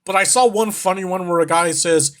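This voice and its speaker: A man's voice: high voice, a little fast, a bit bright. A man streaming as a vtuber, chatting casually as he reacts to videos, rambling, laughing and swearing.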